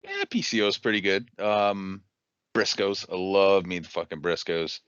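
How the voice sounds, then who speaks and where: A man co-hosting a casual podcast, relaxed and quick to laugh while sharing his opinions. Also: sits low, clean tone, no echo, highs cut off. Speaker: podcast co-host.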